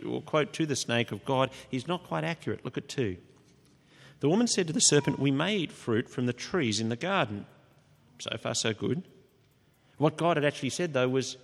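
A man preaching an expository sermon, changing his pitch and loudness for emphasis. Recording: long hall reverb.

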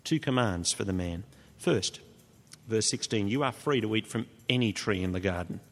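A man preaching an expository sermon, changing his pitch and loudness for emphasis. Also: animated, normal speed. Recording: long hall reverb.

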